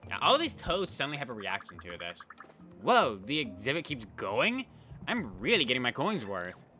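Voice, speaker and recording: A man's voice: mid-range voice, wildly swooping pitch, normal speed, bright, forceful tone, faint music behind. A man voicing a cheerful, curious young paper girl with a put-on European accent, eager and chatty. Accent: European-tinged, put on. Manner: eager, wide-eyed and chatty. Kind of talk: reading game dialogue aloud.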